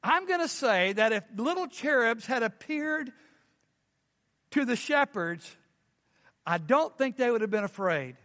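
A man's voice: extremely high pitch, very animated, measured pace, pauses often, fairly bright tone, in a large hall. A man preaching a sermon as a pastor, often asking his congregation questions.

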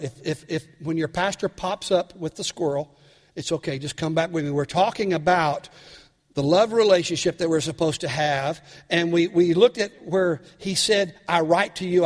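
High-voiced pastor preaching in a hall. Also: male voice. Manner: animated preaching, asks the congregation questions. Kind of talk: sermon. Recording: long hall reverb.

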